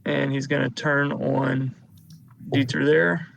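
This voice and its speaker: A man with a gravelly edge to his voice runs a tabletop game as game master. He walks through each combat turn at an unhurried pace, with a faint hiss of noise under him. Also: mid-range voice, little pitch movement, a bit bright, rough recording. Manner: unhurried narration of combat turns.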